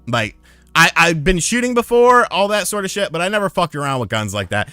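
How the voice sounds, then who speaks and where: Male streamer, casual profane storyteller; lively swooping pitch, dry close sound. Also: fairly quick, clean tone, no room sound, soft background music. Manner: profane, animated, acts out dialogue.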